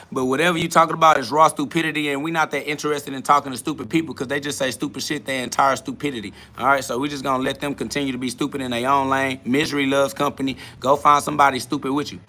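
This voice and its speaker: Brash, bright-voiced man preaching to live chat. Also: mid-range voice. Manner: blunt, brash, profane, lecturing. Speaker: podcast host answering live chat. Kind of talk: preachy live-stream monologue.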